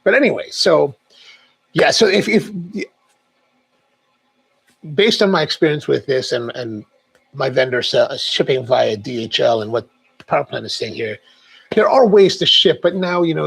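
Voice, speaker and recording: Gravelly-voiced middle-aged male host. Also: a little high. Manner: chatty, rambling storyteller. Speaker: livestream host. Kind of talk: casual livestream chat.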